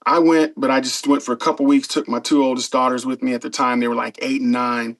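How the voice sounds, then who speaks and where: A man's voice: mid-range voice, fast talker, poor audio. A middle-aged man, a pastor and former pro football player, telling stories in an earnest, casual way, with frequent fillers. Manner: earnest, animated when retelling, frequent fillers. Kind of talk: casual storytelling interview.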